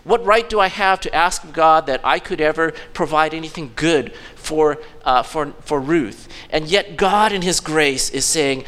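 High-voiced male pastor preaching. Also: a little slow, few pauses, a bit bright, big-room sound. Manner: storytelling, acts out quotes, frequent restarts. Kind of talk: sermon.

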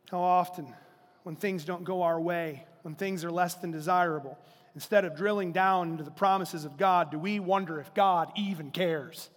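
A man preaching a sermon as pastor, animated and acting out quotes as he speaks. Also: high-pitched, fairly quick, in a large hall. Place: church sanctuary.

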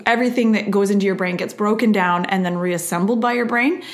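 A woman's voice: medium pitch, fast talker. A woman, a guest parent on a parenting panel, speaking earnestly in a casual discussion. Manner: earnest, acts out quotes.

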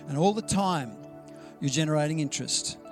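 A man's voice: a little high, moderate pace. Conversational preacher man over music. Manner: conversational storytelling preacher, acts out quoted dialogue. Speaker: pastor. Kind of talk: sermon.

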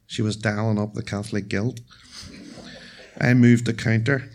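Guy telling a story on stage, calm, wry, dark jokes. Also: on the low side. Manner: wry, measured, dark humour. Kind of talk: live first-person storytelling. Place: stage at a live event.

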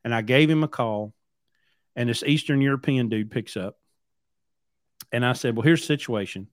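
In studio-quality sound with no echo, a man with a mid-range voice speaks at normal speed. He hosts a podcast and runs a trucking company, and he's telling a long, rambling story bluntly, repeating words as he goes.

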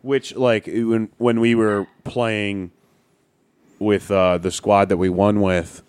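Low-voiced man telling a gaming story. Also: takes it slowly, smooth, no room sound. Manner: storytelling, animated, swears. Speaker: podcast co-host. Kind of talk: casual chat.

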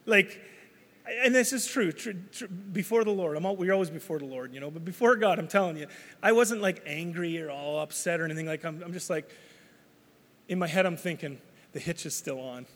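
Male pastor, slightly high voice, chatty storytelling sermon, hall echo. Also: brisk. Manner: storytelling, conversational, many restarts.

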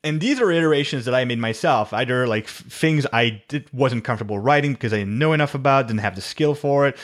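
A man's voice: medium pitch, quick pace. Rambling upbeat man on a podcast. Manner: rambling, self-correcting, upbeat. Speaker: podcast co-host, writer. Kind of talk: casual chat. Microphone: remote call mic.

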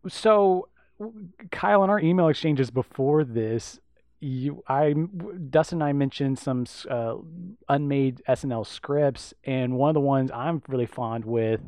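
A man's voice: medium pitch, unhurried, a little mellow, no room sound. Man talking films in a dry close sound. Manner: rambling with many fillers and restarts. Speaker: podcast co-host. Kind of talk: casual film discussion.

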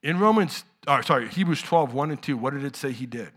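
A middle-aged man preaching a sermon in a casual, talky way, his voice bright and forward. He sinks to near-whispers on key words and then surges loud again. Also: lively intonation, fairly quick, breathy edge. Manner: conversational preaching, swings from hushed lows to loud outbursts. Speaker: pastor.

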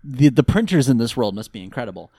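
Podcast co-host, wry jokes, animated intonation, dry recording. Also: medium pitch, fast, slightly rough, no echo. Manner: wry, joking commentary. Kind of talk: casual recap chat.

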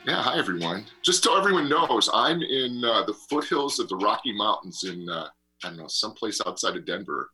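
Husky, lively-voiced man chatting on radio. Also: on the low side, a little fast. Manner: animated, rambling storyteller who laughs often. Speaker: radio show co-host. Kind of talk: casual chat and travel storytelling.

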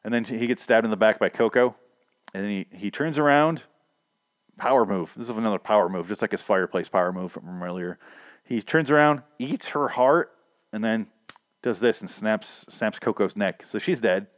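A man's voice: fairly low pitch, moderate pace, no room sound, studio quality. A man casually recapping a TV episode, rambling and profane, laughing at his own asides.

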